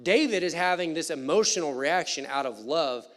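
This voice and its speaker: A man delivers a church sermon in a fairly high voice. He talks to the congregation in an animated, conversational way and drops playful asides between points. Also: moderate pace. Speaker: pastor. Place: church sanctuary.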